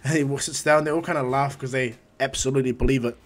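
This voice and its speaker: A man's voice: medium pitch, fairly even intonation, quick pace. Man casually telling a fan story. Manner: rambling, with fillers and restarts.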